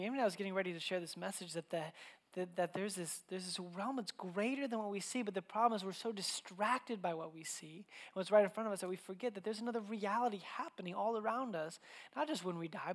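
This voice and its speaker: Talking fast in a high-pitched voice, a young preacher delivers a sermon full of personal stories. His style is animated and conversational, with frequent restarts.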